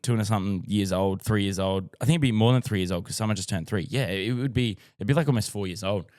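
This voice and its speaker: A man's voice: lowish voice, no echo, studio quality. An Australian man and dad talking casually to camera, rambling and heartfelt, swearing often and filling with "like". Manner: rambling, sweary, says "like" a lot; openly emotional and heartfelt. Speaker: dad vlogger.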